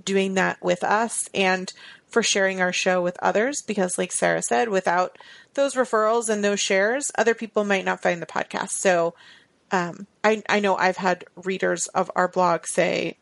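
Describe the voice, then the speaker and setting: A woman's voice: medium pitch, steady tone, moderate pace, gravelly, no echo. A woman co-hosting a podcast in casual chat, talkative and laughing often. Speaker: podcast co-host.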